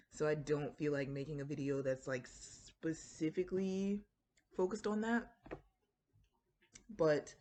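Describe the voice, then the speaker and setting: A woman's voice: deep voice, a little mellow, slight background noise. A woman with a Floridian accent talking casually to camera in a chatty, rambling way, full of fillers and asides. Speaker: writing vlogger.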